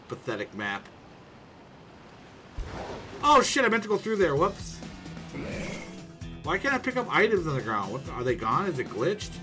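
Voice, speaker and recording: A foul-mouthed man commentates his own gameplay live, dropping to grumbles and then shouting at the screen. His voice swings widely in pitch at a middle register, with game music playing clearly behind him. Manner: profane, swings from mutters to yelling at the game. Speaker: streamer.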